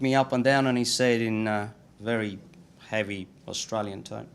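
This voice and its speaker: A man's voice: medium pitch, fairly even intonation, moderate pace, a little hiss or hum. A man, telling anecdotes as a guest speaker, with many fillers. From Italy. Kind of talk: storytelling talk.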